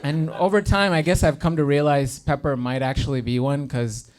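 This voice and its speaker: A man in his thirties from India doing a stand-up set on stage in a comedy theater, speaking in a dry, deadpan way and pausing for punchlines. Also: fairly high pitch. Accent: neutral American-sounding. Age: 30s. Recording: live room with audience noise. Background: audience laughter.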